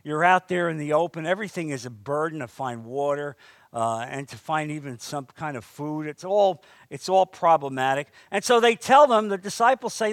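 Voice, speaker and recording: A man delivers a sermon with a fairly high voice and lively, animated preaching. His delivery swings up into emphatic bursts and drops back down. The sound is dry, with little room around it. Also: normal speed, dry recording. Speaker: pastor.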